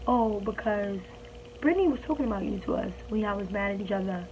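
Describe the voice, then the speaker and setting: A woman's voice: mid-range voice, lively intonation, a little fast, a little mellow. A young woman vlogger telling a storytime in an emphatic, indignant way. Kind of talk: storytime vlog. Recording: dull lo-fi audio with faint hiss.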